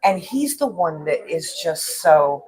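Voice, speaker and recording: Lady guest on a live show, lower voice, open, laughs easily. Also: sing-song, slow, darkish tone, poor audio. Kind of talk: casual chat. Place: taco restaurant, live show.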